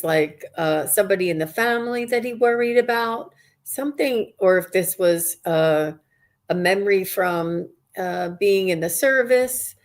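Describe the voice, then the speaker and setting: A woman working as a psychic medium, giving a live reading to viewers in an earnest, rambling way with many restarts. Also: medium pitch.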